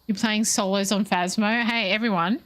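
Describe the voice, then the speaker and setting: A woman's voice: medium pitch, steady tone, normal speed, fairly bright tone. A playful, chatty woman in her thirties with an Australian accent, talking casually with viewers while streaming a game. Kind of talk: casual gameplay commentary.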